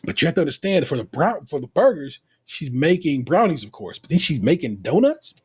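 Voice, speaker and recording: This man has a husky, higher-pitched voice and talks fairly quickly. Co-hosting a podcast, the American recaps a baking show in lively, slang-heavy banter with a Southern tilt like "y'all."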